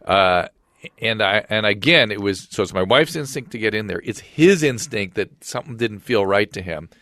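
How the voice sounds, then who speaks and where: A man's voice: lowish voice, no echo, studio quality. A middle-aged man, a podcast host and physician, telling a personal story in casual conversation and acting out the voices of the people in it. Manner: brisk, animated retelling with quoted dialogue.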